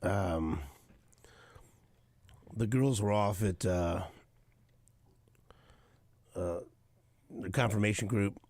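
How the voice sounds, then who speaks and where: A man's voice: fairly low pitch, very slow, pauses often, no room sound. A man hosting a sports radio talk show, telling stories casually and animatedly acting out what players said. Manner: animated storytelling, acts out quotes.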